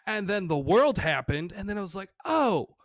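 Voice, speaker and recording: A man's voice: high voice, fairly quick, dry recording, studio quality. A man from Michigan doing a self-deprecating stand-up set over a video call from home, acting out the voices of people he quotes. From Michigan, USA. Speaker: stand-up comedian. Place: home room.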